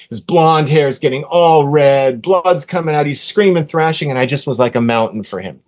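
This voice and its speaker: A man in his sixties, a podcast guest, telling a personal story earnestly and with animation, softening to a hush when quoting gentle words. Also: a little high, moderate pace, hardly any pauses. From USA. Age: 60s. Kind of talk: casual storytelling in an interview.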